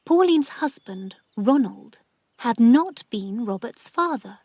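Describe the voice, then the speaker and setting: Slow-reading woman narrator. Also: a little high, no echo, studio quality. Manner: slow, clear, even. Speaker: story narrator. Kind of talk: slow reading for English learners.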